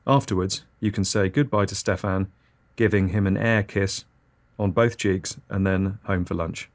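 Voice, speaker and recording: A man's voice: low voice, fairly even intonation, moderate pace. A man hosting an absurdist comedy podcast, reading scripted nonsense in a dry, matter-of-fact way. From Britain.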